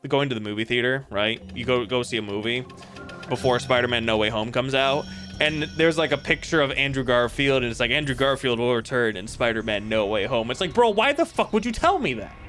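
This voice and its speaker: A man's voice: medium pitch, expressive, a little fast, a bit bright, soft background music. A young man playing a video game and ranting profanely while telling a story. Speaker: gaming streamer. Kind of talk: casual let's-play chat.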